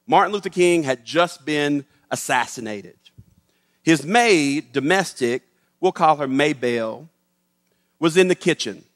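Animated man telling a story in a hall. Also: on the high side, a little slow. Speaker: speaker. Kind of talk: public talk, storytelling. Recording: echoey hall.

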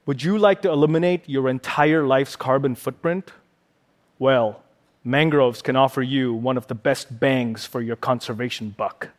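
A man's voice: mid-range voice, moderate pace. A man giving a prepared stage talk as a conservationist, playful and fond of puns.

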